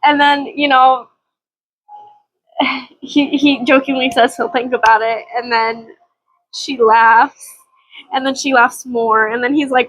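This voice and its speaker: Emotional woman book vlogger, high voice, close and dry sound. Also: fairly even intonation, takes it slowly, long pauses, fairly bright tone, dry recording, rough recording. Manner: gushing, emotional, reads passages aloud. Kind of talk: casual reading vlog.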